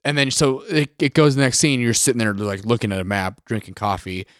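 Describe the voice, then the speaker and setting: A man co-hosting a podcast in casual chat, rambling with lots of "like" fillers and slipping into quick impressions. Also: medium pitch, dry recording, clean studio sound. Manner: rambling, many "like" fillers, animated impressions of characters. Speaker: podcast co-host.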